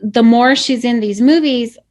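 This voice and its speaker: A woman's voice: on the high side, measured pace, a little mellow. A woman co-hosting a casual review show who tells things chattily, with lots of "like" fillers. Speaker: podcast co-host.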